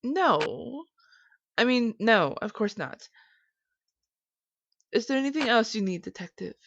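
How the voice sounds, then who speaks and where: A woman with a fairly bright, high voice plays a cold, haughty, wealthy hotel owner who talks curtly and brushes people off. Her delivery is slow and heavily acted, with big pitch swings, and her mood is cool and dismissive. The recording sounds dull and lo-fi.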